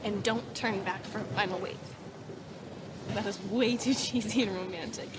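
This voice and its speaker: An actress playing a teenage girl who says a tender, quiet goodbye in a film scene. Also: medium pitch, steady tone, moderate pace, heavy background noise, natural voice. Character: teenage girl at a tearful farewell. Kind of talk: film dialogue. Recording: film clip with vehicle ambience.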